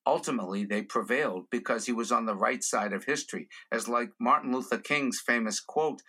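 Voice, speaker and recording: A man, a comedian and guest on a podcast interview, telling stories in an animated way and slipping into character voices. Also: mid-range voice, brisk, few pauses, husky. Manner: animated storyteller who slips into character voices.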